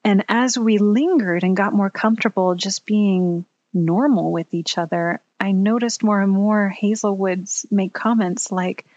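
A woman telling a personal story in a candid, earnest way, pausing at the emotional moments. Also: medium pitch, steady tone, a little mellow, no echo, lo-fi sound.

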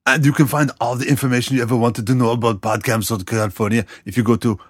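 A man's voice: medium pitch, steady tone, fast talker, slightly rough, no echo, clean studio sound, natural voice. A man doing a comic impression of a bossy movie-star governor, with a put-on Austrian accent and threatening, broken phrasing in a podcast promo.

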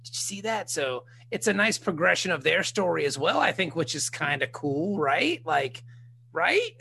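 A man co-hosting a casual podcast chat, joking and animated, dropping the odd swear word. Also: a little high, unhurried, creaky, husky. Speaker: podcast co-host.

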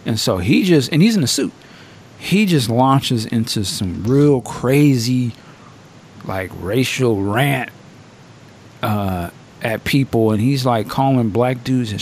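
Animated slangy man telling stories. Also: medium pitch, slow pace, a little hiss or hum. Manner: animated storytelling, acting out quotes in a raised voice; slangy, profane, laughs often. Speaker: podcast host. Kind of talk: casual chat.

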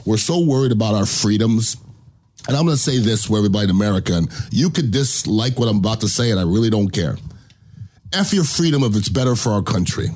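A man's voice: medium pitch, a little mellow, slightly rough. A podcast host, a man, giving a blunt, opinionated monologue and swearing freely.

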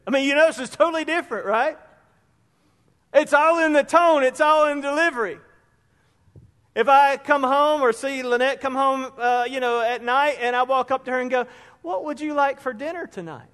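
Pastor, male, high voice, folksy conversational sermon, long hall reverb. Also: fairly bright tone. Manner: conversational preaching with acted-out examples.

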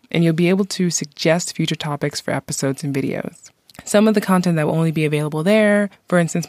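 A woman in her thirties hosting a podcast, reading a scripted segment in a friendly, measured way on a close mic. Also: sits low, a little mellow, dry recording. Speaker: podcast host.

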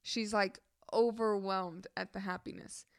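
A woman's voice: medium pitch, measured pace, smooth, no echo, clean studio sound. Giggly young woman co-host telling stories. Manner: animated storyteller, giggly. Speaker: podcast co-host. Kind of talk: casual chat.

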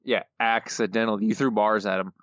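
A man's voice: fairly low pitch, fairly even intonation, brisk, a bit bright, dry recording, highs cut off. A man co-hosting a podcast in casual, rambling, joking talk. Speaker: podcast co-host. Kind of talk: casual chat.

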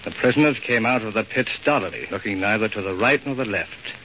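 An actor playing a weary, well-traveled soldier, narrating in a somber, measured way in 1940s radio drama narration. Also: male voice, on the low side, sharp tone. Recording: muffled old radio recording with noise.

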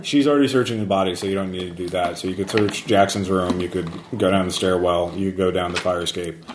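A man's voice: sits low, steady tone, fast talker, roomy sound, background noise. A man narrating a tabletop game as game master, rambling with many fillers and restarts.

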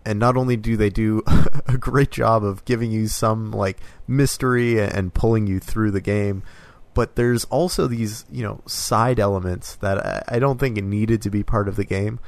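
A man co-hosting a casual podcast, talking about games in a measured, thoughtful way with "um" pauses. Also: on the low side, steady tone, no room sound. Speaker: podcast co-host. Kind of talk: casual game discussion.

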